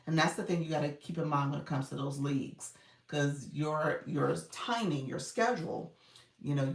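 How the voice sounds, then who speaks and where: A woman hosting a casual livestream, chatting with viewers and thanking them, laughing often and calling them y'all. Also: low voice. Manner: giggly, often breaking into laughter. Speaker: livestream host and coach. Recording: roomy and distant from mic.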